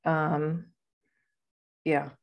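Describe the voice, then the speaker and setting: A woman's voice: sits low, level tone, very slow, vocal fry. A woman hosting a podcast, chatting casually in a rambling, playful way and laughing often. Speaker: podcast host. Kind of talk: casual chat.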